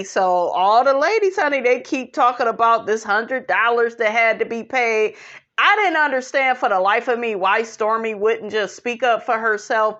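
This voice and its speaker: A woman's voice: a little high, highs cut off. A woman giving a sassy, casual gossip recap of a reality show, peppering her talk with "honey" and pointed asides. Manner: sassy, calls listeners honey, lively asides.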